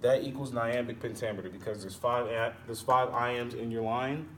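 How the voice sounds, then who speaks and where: A man teaching poetry meter, explaining slowly with pauses and self-corrections. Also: medium pitch, steady tone, a bit bright. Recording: distant mic with faint background noise.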